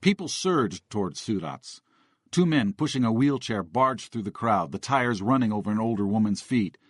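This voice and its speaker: A man reads an audiobook in an expressive storytelling manner. His voice is low with lively, varied intonation. The recording is dry and close. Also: moderate pace, dry recording. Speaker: audiobook narrator. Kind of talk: scripted audiobook narration.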